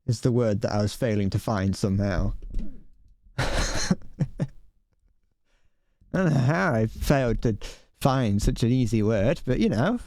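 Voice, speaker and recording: A man's voice: medium pitch, lively intonation, unhurried, pauses often, darkish tone, no room sound. A man streaming a video game live, rambling and restarting his sentences, swearing at the game and a little out of breath. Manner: rambling, stumbles over words, swears. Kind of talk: casual live game commentary.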